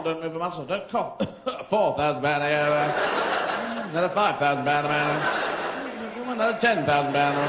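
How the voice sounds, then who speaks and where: British man in his thirties, stand-up, playful and rambling, lively up-and-down voice, echoey theatre sound. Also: a little high, heavy background noise. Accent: British English. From England. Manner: rambling, playful, jumps into silly character voices. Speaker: stand-up comedian. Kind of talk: surreal stand-up routine. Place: large theatre stage. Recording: echoey live theatre recording.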